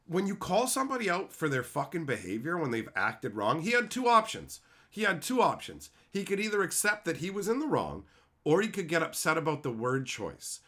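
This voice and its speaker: A man streaming about card games, ranting bluntly and profanely in a casual monologue, laughing often. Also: a little high. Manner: animated storytelling, laughs often.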